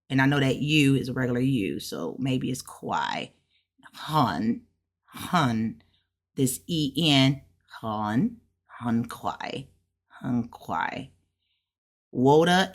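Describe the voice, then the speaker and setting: A woman teaching herself Mandarin in a casual lesson. She sounds out syllables and repeats each one several times, thinking aloud when she is unsure. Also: a bass voice. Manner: thinks aloud, unsure of her own pronunciation. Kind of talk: casual self-study lesson.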